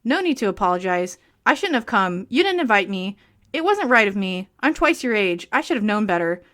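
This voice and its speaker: Woman reading a soft-spoken middle-aged man, gentle and persistent, medium pitch. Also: big pitch swings, fairly quick.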